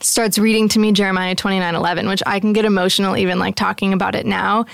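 A woman's voice: medium pitch, fairly even intonation, fast talker, creaky, no room sound, clean studio sound. A woman in her thirties hosting a casual faith talk, telling a personal story with lots of "like" fillers. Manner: storytelling, earnest, frequent "like" fillers. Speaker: podcast host.

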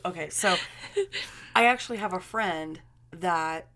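A woman's voice: fairly low pitch, unhurried, bright, forceful tone. Blunt, swearing woman in her thirties. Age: 30s. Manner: profane, laughing, blunt. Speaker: podcast co-host. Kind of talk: casual chat.

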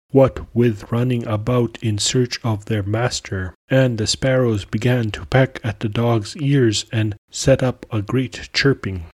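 A male storyteller reads a folktale with slow, unhurried pacing. His voice sits at a middling pitch and his delivery is measured and deliberate. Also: darkish tone. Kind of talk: folktale narration.

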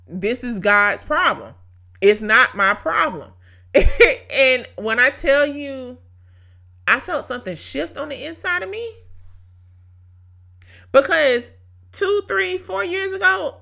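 A woman hosts a casual devotional talk in a bright, somewhat high voice. She tells her story in an animated way, laughing often and repeating key phrases for emphasis. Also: measured pace, creaky. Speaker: podcast host.

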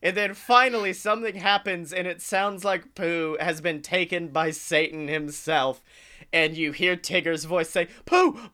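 A man co-hosting a podcast, telling a comedic story in an animated, profane way and laughing as he goes. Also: high voice, clear, resonant tone. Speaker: podcast co-host.

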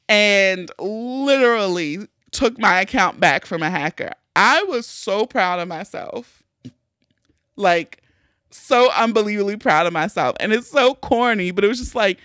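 A woman hosting a podcast, telling a personal story in a candid, animated way with plenty of swearing. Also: medium pitch, dry recording, clean studio sound. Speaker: podcast host. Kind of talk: casual storytelling.

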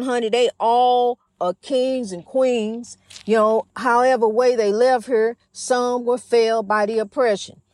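A woman's voice: a little high, no room sound, clean studio sound. A woman hosting her own program in a casual, rambling spiritual monologue, folksy and preachy, calling her listeners honey. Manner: preachy, praising God. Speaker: host of a motivational program.

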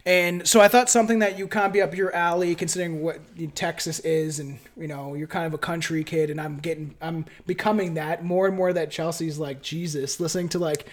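A man's voice: fairly high pitch, steady tone, brisk, hardly any pauses. A Canadian man hosting a casual podcast at a friend's home, swearing freely and laughing as he reads his notes. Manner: casual and profane, laughs while reading notes. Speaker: podcast host. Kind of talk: casual podcast chat with scripted reading. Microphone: different home mic setup.

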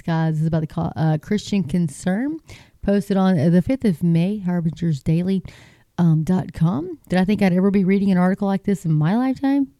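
A woman's voice: on the low side, normal speed, mellow, no room sound, studio quality. A middle-aged woman from Texas with a Texan accent, chatting in a folksy, rambling way as she reads news aloud and encourages her Christian viewers. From Texas, United States. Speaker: Christian video host. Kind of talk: casual talk reading news aloud.

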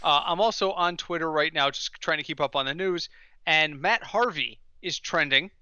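A man with a high, bright voice co-hosts a casual sports podcast. He tells stories with animation and builds his rants to comic punchlines. The sound is dry and slightly dull, close to the mic. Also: moderate pace, clean tone, dry recording. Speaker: podcast co-host.

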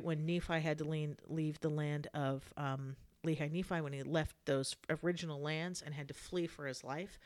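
A woman hosting a casual scripture study podcast, sounding sleepy, chatty and repeating herself with many fillers. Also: low-pitched. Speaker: podcast host.

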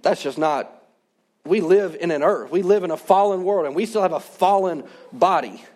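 A man's voice: high voice, moderate pace, darkish tone. A man in his thirties, a pastor, preaching a sermon in an earnest, conversational way.

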